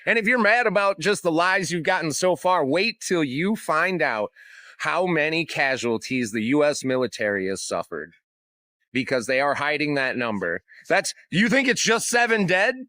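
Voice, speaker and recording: A man's voice: a little high, animated, moderate pace, bright, forceful tone, dry recording. A man hosting a show, ranting about politics in a heated, profane way and acting out the people he quotes. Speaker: host. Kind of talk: political rant.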